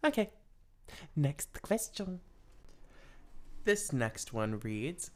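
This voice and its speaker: A man's voice: mid-range voice, sing-song, slow, creaky, long pauses. A young adult man hosting an advice podcast, musing in a rambling, casual way with many fillers. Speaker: podcast host giving advice.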